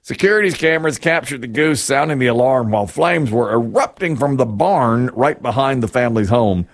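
A man's voice: mid-range voice, expressive, a little fast. A man hosting a casual radio show, joking with co-hosts and reading quirky news stories aloud. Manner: jokey, reads news stories aloud with playful put-on voices. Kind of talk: casual morning-show banter.

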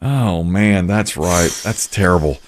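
A man's voice: sits low, a little slow, a little hiss or hum. A man chatting casually as a podcast co-host, telling stories and often breaking into laughter. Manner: animated storyteller, bursts into laughter. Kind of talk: casual chat.

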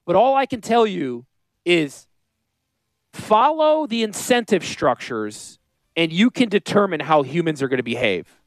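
A man with a northern US accent hosting a radio show, talking in a high-pitched voice, joking and rambling off on tangents. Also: no room sound. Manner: animated, joking, goes off on tangents. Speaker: radio show host and financial planner.

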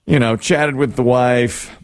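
A man's voice: unhurried, clean tone. A middle-aged man chatting casually on a talk show, rambling through a self-deprecating story about his family. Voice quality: animated, lively pitch swings. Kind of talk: casual morning-show chat.

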